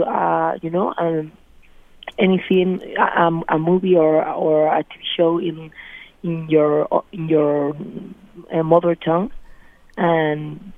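Slow, halting Spanish-accented woman. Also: fairly low pitch, dry recording, narrow, tinny audio. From Spain. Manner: halting, restarts words while searching for English. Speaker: guest. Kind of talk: casual radio interview.

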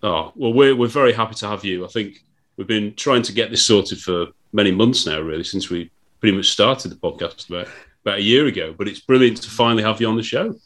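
A man's voice: lowish voice, fast, fairly bright tone. A man hosting a podcast, chatty and casual, often restarting his sentences. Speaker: podcast host.

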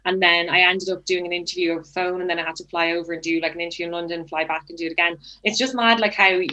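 A woman's voice: lowish voice, racing, rough recording. A young woman, chatting as a guest and telling stories animatedly, often acting out what other people said. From Ireland. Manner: animated storytelling, acts out quoted voices. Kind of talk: casual chat.

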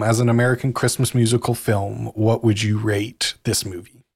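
A man's voice: lowish voice, little pitch movement, moderate pace, darkish tone, breathy edge, no room sound. A man co-hosting a podcast in casual chat, playful and teasing, with crude jokes. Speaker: podcast co-host.

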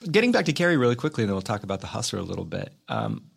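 A man's voice: lowish voice, wildly swooping pitch, rapid-fire, vocal fry, slightly rough. A man hosting an interview podcast, asking his guest questions in an admiring, eager way. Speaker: podcast host.

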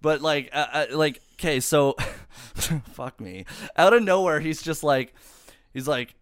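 A young man co-hosting a casual comedy podcast, telling an animated, profane anecdote and quoting the people in it. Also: on the high side, takes it slowly, smooth, dry recording, studio quality. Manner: profane, animated storytelling with quoted voices. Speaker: podcast co-host.

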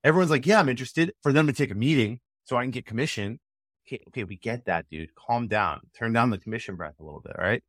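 A man answering interview questions about cold calling, energetic, slipping into quoted call snippets. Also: medium pitch, fast, no echo, studio quality. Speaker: sales expert guest.

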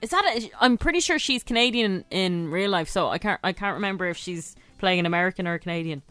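Irish female co-host, young, opinionated and chatty, slightly low voice, dry studio. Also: expressive, fast talker, a bit bright, clean tone, no echo, soft background music. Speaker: radio co-host. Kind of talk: casual chat.

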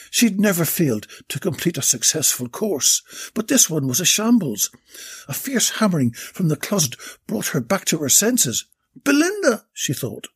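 A man reading his own comic erotic story aloud in a flat, deadpan way. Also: on the high side, vocal fry, slightly rough, no echo, studio quality.

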